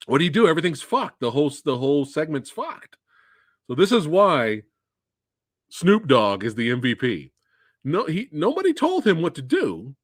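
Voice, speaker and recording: A man's voice: a little high, dry recording, studio quality. A man hosting a casual live Q&A stream, telling stories with lots of laughter and playing different people. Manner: animated storytelling with frequent laughter. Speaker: livestream host.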